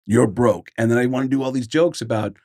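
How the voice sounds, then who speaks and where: A man's voice: medium pitch, rapid-fire, dry recording, clean studio sound. A middle-aged man, a comedian co-hosting a podcast, telling stories in casual chat and acting out what people said. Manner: animated storyteller, acts out quotes. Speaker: podcast co-host.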